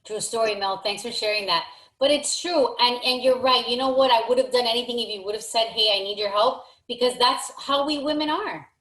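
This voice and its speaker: A woman's voice: a little high, fairly quick, fairly bright tone, reverberant, poor audio. A woman leading a motivational team call, emphatic and encouraging, often repeating her phrases. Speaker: team leader.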